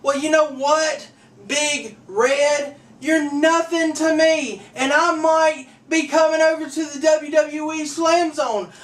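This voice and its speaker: A man's voice: very high voice, steady tone, slow pace, a bit bright. A man hosting a fan wrestling show, delivering a taunting, ranting trash-talk promo that calls out rivals. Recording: distant from the mic.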